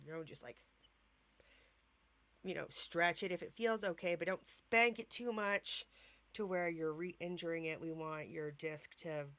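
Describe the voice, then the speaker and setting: A woman's voice: fairly low pitch, a bit bright. A woman in her thirties telling a rambling, self-mocking story in a casual vlog, swearing freely and drifting off topic. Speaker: vlogger. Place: at home, in bed.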